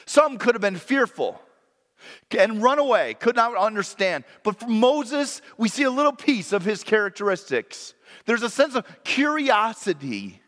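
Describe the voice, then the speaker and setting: Slow, animated male preacher in reverb. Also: high-pitched. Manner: earnest, reflective, with frequent self-corrections. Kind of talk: sermon.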